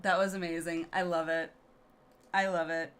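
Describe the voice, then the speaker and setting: A woman's voice: on the low side, little pitch movement, moderate pace, smooth. A young woman streamer chatting casually over her gameplay, giggly and rambling with lots of fillers. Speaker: game streamer. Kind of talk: casual let's-play commentary.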